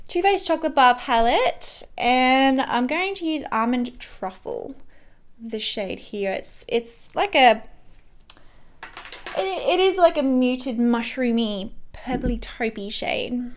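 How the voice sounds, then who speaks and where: Chatty young woman, slightly high voice. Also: animated, slow. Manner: rambling, with many fillers and restarts. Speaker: beauty vlogger. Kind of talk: chatty get-ready-with-me update.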